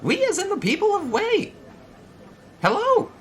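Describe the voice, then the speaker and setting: A man voicing an eager, chatty male tour guide who talks in a high, excitable, overly welcoming way. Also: a little slow, a little hiss or hum, heavily acted.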